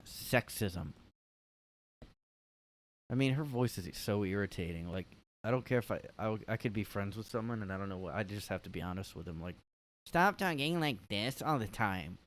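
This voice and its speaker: A man's voice: lowish voice, normal speed. A man hosting a casual solo podcast from his room, rambling and hesitant, full of "like". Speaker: podcast host.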